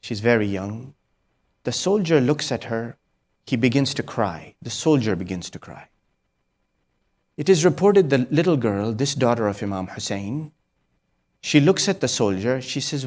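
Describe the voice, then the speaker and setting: A man's voice: medium pitch, expressive, measured pace, pauses often, a little mellow. Man preaching a mourning sermon. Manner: storytelling with frequent "hmm?" prompts to the audience.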